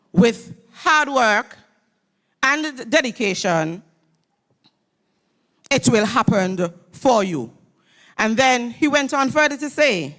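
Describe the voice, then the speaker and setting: A woman's voice: fairly high pitch, fairly bright tone. A woman giving a motivational graduation address in a church. She speaks emphatically and leads call-and-response with her audience. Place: church hall at a graduation ceremony.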